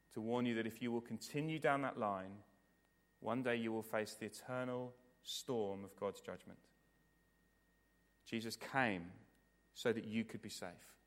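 A man preaching a sermon with earnest, repetitive emphasis, moving between raised passages and hushed ones, then leading a prayer. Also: lowish voice. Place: church. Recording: long hall reverb.

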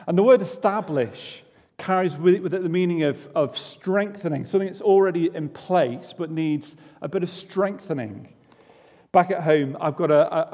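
A man delivering a sermon in a church, his voice pitched a little higher than most men's. He talks conversationally, putting rhetorical questions to the congregation and joking at his own expense. His words ring out with a long reverb through the hall. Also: mellow. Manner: self-deprecating humour. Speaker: preacher.

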